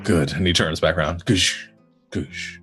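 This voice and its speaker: A man with a low but fairly bright voice and a breathy edge narrates a tabletop game as game master, playful and laughing often while slipping into quick character voices. Faint music plays in the background.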